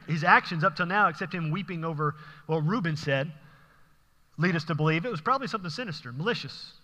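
A man's voice: fairly high pitch, sharp tone, long reverb tail, muffled recording. A man preaching, reading scripture verses aloud and explaining them in a conversational, emphatic way. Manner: conversational, emphatic, occasional laughs. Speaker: pastor.

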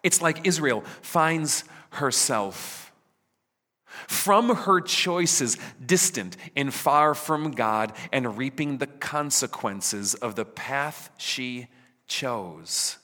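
A man preaches at an unhurried pace, pausing over his words. He throws rhetorical questions at his listeners and acts out God's replies, sometimes dropping almost to a whisper. His voice carries a long echo, as in a large hall. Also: medium pitch, lively intonation. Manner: rhetorical questions, dramatic voicing of God, drops to hushed near-whispers. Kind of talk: sermon. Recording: reverberant hall.

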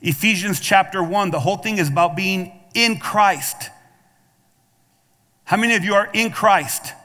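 High bright-voiced man preaching in a hall. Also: measured pace. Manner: calls out to the congregation for responses; frequent stammered restarts and repeated words. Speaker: pastor. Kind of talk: sermon. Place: church sanctuary. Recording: long hall reverb from a church.

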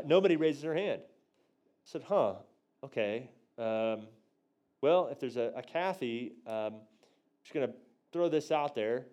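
This church teacher, preaching on prophecy from the pulpit, is a lively storyteller who voices his own quotes with big leaps in pitch and loudness. His delivery softens in tender moments and bursts out loud for punchlines.

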